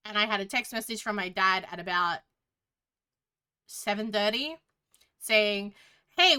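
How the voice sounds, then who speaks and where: Bright, crisp Australian woman rambling. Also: medium pitch. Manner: rambling, with frequent restarts and swearing. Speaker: streamer. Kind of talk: casual storytelling.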